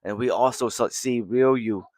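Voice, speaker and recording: A man's voice: mid-range voice, normal speed, a little mellow, no room sound. Man casually recapping an anime episode. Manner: retells scenes, briefly acting out characters' lines. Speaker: podcast host.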